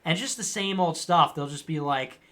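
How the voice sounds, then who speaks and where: A man's voice: on the high side, normal speed, pushed and bright. A man hosting a livestream, reading viewer comments aloud and answering them in a sarcastic, mocking way. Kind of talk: casual political commentary.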